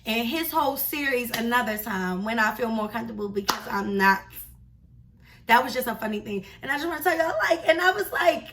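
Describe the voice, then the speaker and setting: A young woman vlogger telling a story in a casual, chatty, slangy and animated way. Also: fairly high pitch, a little fast, distant mic, noisy background.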